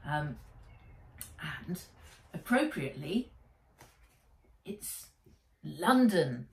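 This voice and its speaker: A woman author reading her children's book aloud in an expressive, animated way, recording in a small shed. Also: low-pitched, drawn-out words. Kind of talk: storybook read-aloud. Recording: echoey room, mic a bit distant.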